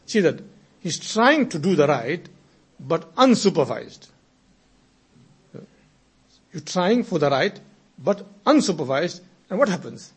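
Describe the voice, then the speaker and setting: A man giving a sermon, telling moral stories and building from quiet narration into emphatic exhortation. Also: sits high, breathy edge. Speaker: preacher. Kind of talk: storytelling sermon.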